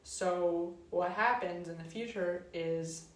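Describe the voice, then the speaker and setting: A woman talking through ideas in a reflective, casual monologue, unhurried and searching, drawing out words and trailing off softly. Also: recorded from a distance. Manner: unhurried, searching, drawn-out phrasing with soft trailing lows. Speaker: wellness host. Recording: roomy, mic set back.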